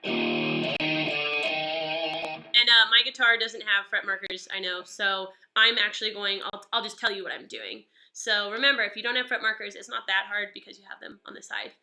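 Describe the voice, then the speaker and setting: A chatty woman with a stuffy nose and a very bright, sharp voice, teaching guitar on a live stream. Her guitar plays faintly behind her. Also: mid-range voice, very animated, moderate pace, creaky. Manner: chatty and upbeat, greeting viewers by name. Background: guitar playing.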